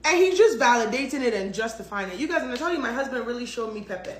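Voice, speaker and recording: A woman's voice: a little high, animated, quick pace, reverberant, slight background noise. A woman telling a story in a casual vlog, dramatic and blunt, with plenty of swearing. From United States. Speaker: storytelling vlogger.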